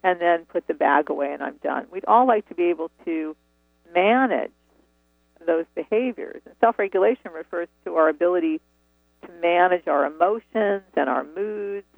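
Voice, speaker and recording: A woman's voice: fairly low pitch, normal speed, vocal fry, no echo. A woman author telling her story earnestly and reflectively in a phone interview, over a tinny phone line. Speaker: author and guest.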